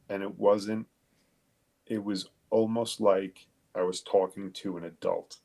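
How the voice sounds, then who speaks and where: Low gravelly man telling his story. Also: warm tone. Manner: halting, candid, swears casually. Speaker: police detective guest. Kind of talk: conversational storytelling.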